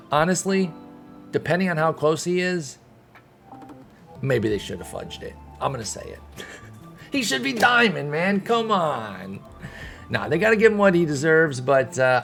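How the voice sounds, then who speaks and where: A man's voice: on the high side, very animated, moderate pace, vocal fry, a bit bright, soft background music. A young man streaming, ranting casually to his chat, heated and rambling with many restarts. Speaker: gaming streamer. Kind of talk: casual commentary to live chat.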